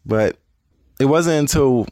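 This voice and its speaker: A man telling a personal story in a calm, reflective way. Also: medium pitch, takes it slowly, no echo, clean studio sound.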